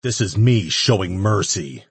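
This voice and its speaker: A man's voice: sits low, animated, normal speed, slightly rough, no echo, heavily acted. A man voicing a blunt, curt demon hunter who growls his words. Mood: menacing. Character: hard-edged male demon hunter, blunt and threatening. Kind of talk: audiobook character voice.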